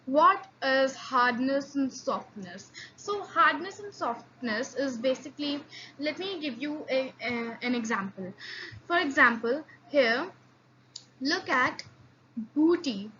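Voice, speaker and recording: A high, bright-voiced woman teaches a beginner language lesson at an unhurried pace. She is patient and encouraging, repeats sounds for her students to copy and restarts her sentences often. The recording is a little dull, with a faint hiss behind her. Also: lively intonation. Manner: frequent restarts and fillers.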